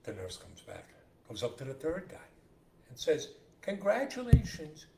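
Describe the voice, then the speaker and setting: Gravelly, animated man telling jokes. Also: medium pitch, moderate pace. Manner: animated storyteller who acts out joke characters. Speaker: podcast co-host. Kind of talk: casual joke-telling banter. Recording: roomy echo with faint hiss.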